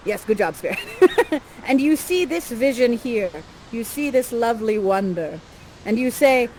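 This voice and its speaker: A woman's voice: fairly high pitch, expressive, moderate pace, a little mellow, slight background noise, poor audio. A woman performing interactive live theater, guiding the audience through the scenes in a playful, theatrical, encouraging way.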